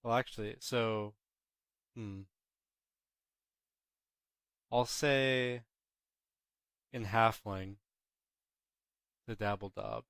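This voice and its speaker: A man's voice: lowish voice, fairly even intonation, slow, creaky, long pauses, a bit bright, clear, resonant tone, dry recording. A man playing in a tabletop game, speaking hesitantly and thinking aloud. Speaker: player.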